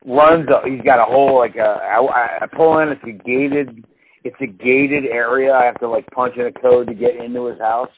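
Swearing, animated man on a tinny line. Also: mid-range voice, moderate pace. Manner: animated storyteller, swears a lot, acts out quotes. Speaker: podcast co-host. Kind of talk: casual profane chat. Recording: tinny phone-like sound with faint hiss.

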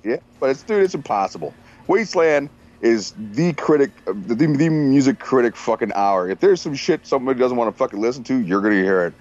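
Profane, animated man telling stories. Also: medium pitch, a little fast, muffled recording. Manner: profane, animated storyteller doing quoted voices. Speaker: truck driver. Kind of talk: casual chat.

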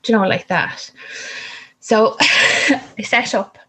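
A woman's voice: on the high side, slow, pushed and bright, slight background noise, poor audio. A young woman candidly telling her own birth story in casual talk, rambling and correcting herself as she goes. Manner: candid, rambling, self-interrupting, with laughs and swearing.

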